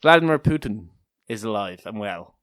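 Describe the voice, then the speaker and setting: A man's voice: on the low side, lively intonation, normal speed, fairly bright tone, no echo, clean studio sound. A man co-hosting a casual podcast chat, joking, rambling and swearing freely. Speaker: podcast co-host.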